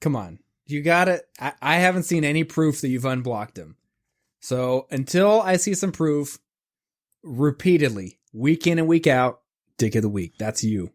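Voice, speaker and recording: A man's voice: fairly high pitch, expressive, normal speed. Giggly teasing male co-host. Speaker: podcast co-host. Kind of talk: casual comedic chat.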